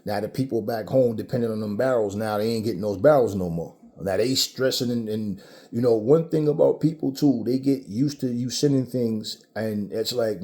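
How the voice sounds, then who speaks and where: A man from the Caribbean vents in a blunt, profane monologue, pressing his points with heavy emphasis. His voice has a mellow, darker tone and sits at an ordinary male pitch. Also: normal speed. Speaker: vlogger. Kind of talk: ranting commentary monologue.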